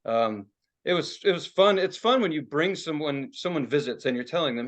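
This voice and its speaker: A man's voice: on the high side, animated, normal speed. A man from Philadelphia, co-hosting a podcast and telling a rambling, profane story in casual chat, laughing as he goes. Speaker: podcast co-host.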